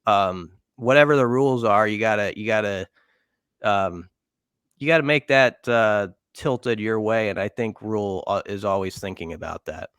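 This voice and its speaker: A man's voice: lowish voice, normal speed, fairly bright tone, clear, resonant tone, dry recording, studio quality. A man co-hosting a sports podcast, giving casual analysis while thinking aloud with lots of fillers. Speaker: podcast co-host.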